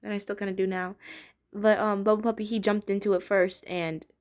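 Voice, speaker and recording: A woman's voice: medium pitch, level tone, fairly quick. Chatty young woman, giggles a lot, rambly cartoon review talk. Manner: chatty, giggly, many fillers and restarts. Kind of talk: casual spoken review.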